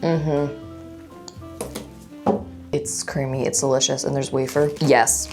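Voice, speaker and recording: A young woman with a notably low voice talks through a snack taste test in a casual, chatty way. She gushes easily over little things, and soft music plays under her. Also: normal speed. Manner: chatty and excitable, gushing over small things. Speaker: food vlogger.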